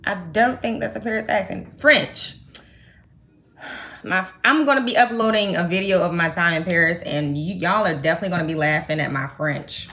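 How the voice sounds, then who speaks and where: A young adult woman from the United States chatting casually to her viewers, telling a trip story in animated, slangy talk. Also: fairly low pitch, fast talker, few pauses. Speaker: vlogger. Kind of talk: casual chat to camera.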